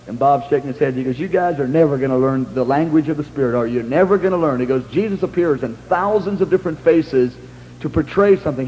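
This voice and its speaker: This preacher's voice sits on the high side and is slightly mellow, caught in a rough recording with a long reverb tail and a little hiss or hum. He wanders through anecdotes in a storytelling sermon, with frequent restarts and acted-out quotes from others.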